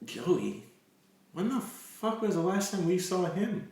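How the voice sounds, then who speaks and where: A man's voice: high-pitched, very animated, slow pace, vocal fry, a little mellow. Profane young man in an echoey room. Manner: blunt, profane, laughs often. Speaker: podcast co-host. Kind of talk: casual anime podcast chat.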